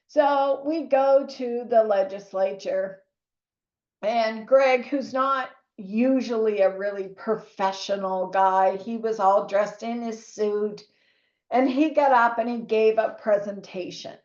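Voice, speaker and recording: A woman, a nurse telling a lively story to fellow nurses, acting out what others said. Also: fairly high pitch, takes it slowly. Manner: animated storyteller who acts out quoted voices. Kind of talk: storytelling talk to an audience. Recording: echoey, slightly dull room recording.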